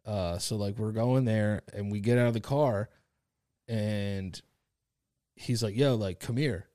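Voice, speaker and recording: A man's voice: fairly low pitch, takes it slowly, warm tone, smooth, no echo, studio quality. Rambling young man telling a story. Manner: rambling, slangy, many "like" fillers. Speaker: podcast co-host. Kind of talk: casual storytelling chat.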